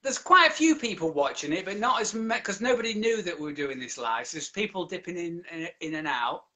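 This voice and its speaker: A man's voice: high voice, expressive, a little fast, bright, forceful tone. A man with an English accent hosting a casual video-call interview as a drag queen, cheeky and sweary, laughing often. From England.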